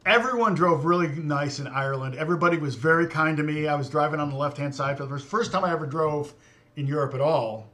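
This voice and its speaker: A man's voice: a little high, fast talker, bright, forceful tone. A middle-aged man from Indiana hosting a livestream in casual chat, rambling and answering viewer comments with frequent chuckles. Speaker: livestream host.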